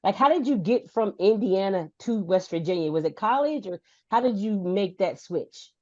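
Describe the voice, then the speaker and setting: A woman co-hosting a podcast, asking interview questions in a slow, measured way. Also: medium pitch, animated, dry recording. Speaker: podcast co-host. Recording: dull, dry recording.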